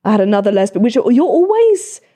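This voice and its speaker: Casting note: young woman podcast host, animated, swears freely, acts out lines as she tells stories. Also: mid-range voice, quick pace. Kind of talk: casual storytelling chat.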